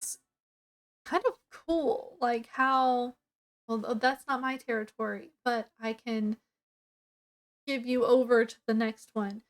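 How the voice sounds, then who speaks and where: Slow, higher-voiced woman chatting about a book. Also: fairly even intonation. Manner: rambling plot retelling with many fillers. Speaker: book reviewer. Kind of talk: casual book review chat.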